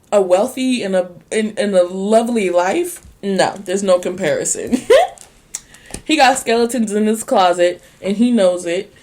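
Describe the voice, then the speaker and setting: A woman's voice: mid-range voice, darkish tone. A woman giving a casual tarot reading in a blunt, sassy, slangy style, swearing freely and laughing often. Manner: laughs often, drawn-out speech. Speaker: tarot reader.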